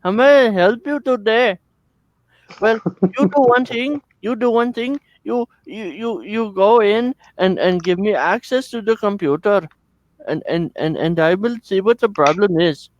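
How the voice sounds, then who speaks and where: Pushy male tech support agent, high and loud, as a man puts him on. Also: measured pace, highs cut off. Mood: insistent. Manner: pushy, repetitive instructions. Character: male call-center tech support worker.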